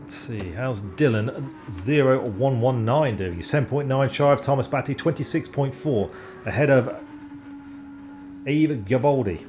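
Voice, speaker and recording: A man giving live sim racing commentary, excitable and self-deprecating, often stumbling over driver names. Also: medium pitch, moderate pace, music in the background.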